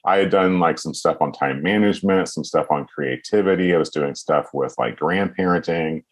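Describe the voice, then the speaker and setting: American male podcast guest, deep voice, relaxed and self-effacing conversational tone. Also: moderate pace. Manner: relaxed, modest, laughs easily. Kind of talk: casual interview conversation.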